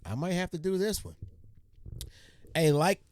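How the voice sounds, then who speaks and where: A man hosting a casual reaction video, talking in excitable, laid-back slang. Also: high-pitched, unhurried. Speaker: reaction channel host.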